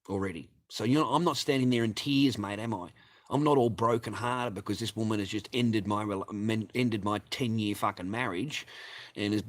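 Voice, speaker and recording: Middle-aged man, sweary aggrieved rant, repeats himself, talks to viewers. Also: lowish voice. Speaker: vlogger. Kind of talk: angry personal rant to camera.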